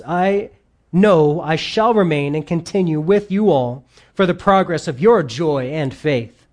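Emphatic preacher with loud and quiet swings. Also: mid-range voice. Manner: reads scripture aloud in between explaining. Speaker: pastor. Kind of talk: sermon.

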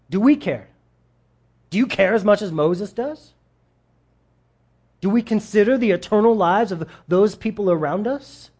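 A man preaching a sermon in a casual, conversational way, acting out quoted voices with big jumps in pitch and talking straight to his audience. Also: expressive, measured pace, long pauses, a little mellow, husky. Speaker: pastor.

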